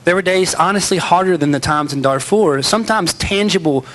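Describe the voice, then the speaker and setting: A man's voice: high-pitched, a little fast, a bit bright. A man giving a candid, self-mocking storytelling speech to an audience. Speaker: speaker.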